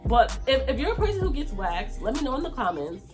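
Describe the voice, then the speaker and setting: Lively, animated woman vlogger. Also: high-pitched, fast talker, over music. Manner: animated, laughing often, many restarts. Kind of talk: casual storytelling to camera.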